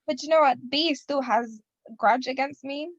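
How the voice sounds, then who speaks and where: A woman's voice: sits high, normal speed, no room sound, lo-fi sound. A woman in her twenties co-hosting a podcast, telling a story in a rambling way and acting out what people said. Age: 20s. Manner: rambling, animated, acts out quotes. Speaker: podcast co-host. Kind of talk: casual chat, storytelling.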